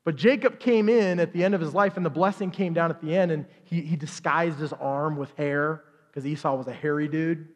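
A man preaching a sermon in a church, his slightly high voice carrying a long reverb through the hall. He tells the story with animated energy and quick acted-out voices for the characters. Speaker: pastor. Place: church sanctuary.

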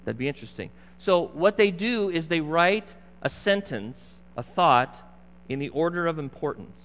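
Middle-aged male pastor, slightly high voice, emphatic conversational sermon, muffled recording with long hall reverb. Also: animated, moderate pace, a bit bright, slight background noise. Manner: conversational, emphatic preaching with asides to the congregation.

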